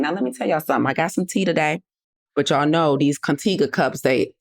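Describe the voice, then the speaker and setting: A woman's voice: deep voice, brisk, creaky. A woman hosting a motivational health podcast, talking to listeners in a sassy, direct, preachy way. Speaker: podcast host and health coach. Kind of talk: motivational solo podcast talk.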